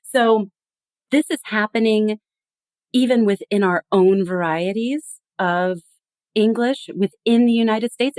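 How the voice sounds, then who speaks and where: A woman guest on a podcast, explaining with animated emphasis in a conversational tone. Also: medium pitch, no room sound. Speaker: guest expert.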